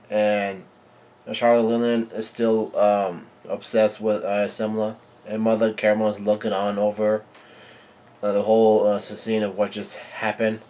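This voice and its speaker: A man giving a live reading and reaction to a comic chapter, in a halting, stumbling way full of restarts. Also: lowish voice, darkish tone. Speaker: manga reader and reactor.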